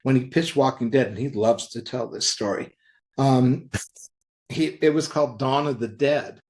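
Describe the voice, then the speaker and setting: Recorded roughly, a comics veteran in his seventies talks at a moderate pace in a mid-range voice while visiting a comics interview show. He relates stories conversationally, animatedly performing what others said in quotes.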